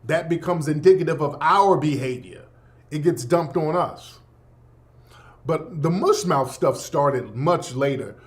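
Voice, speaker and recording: A man's voice: on the high side, unhurried. A man hosting a radio show, delivering a blunt, profane, emphatic opinion monologue. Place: Los Angeles.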